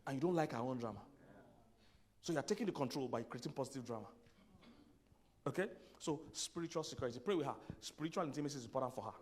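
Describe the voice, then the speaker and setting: A man's voice: mid-range voice, fast talker, long pauses, a little mellow. A man, a pastor giving a humorous sermon to men, conversational, laughing at his own punchlines and dropping to near-whispers for asides. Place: church conference hall.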